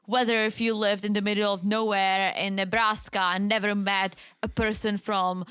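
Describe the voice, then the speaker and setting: A woman's voice: medium pitch, normal speed, clean tone, no room sound, studio quality. A woman from the Czech Republic with a Czech accent, co-hosting a podcast in casual, emphatic chat. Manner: lively, emphatic, laughs often. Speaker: podcast co-host.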